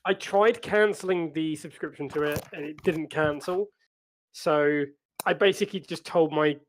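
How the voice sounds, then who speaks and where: A man co-hosting a podcast, chatting casually with many "um"s and repeated starts. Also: a little high. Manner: hesitant, many "um"s and repeated starts, chuckles along. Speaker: podcast co-host.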